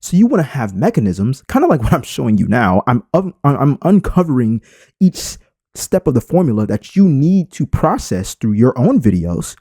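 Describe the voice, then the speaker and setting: Emphatic man with a lively, swinging voice. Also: medium pitch, normal speed, no echo, clean studio sound. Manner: unscripted, emphatic, swings inflection for effect. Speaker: YouTube creator. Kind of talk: screen-recorded tutorial talk.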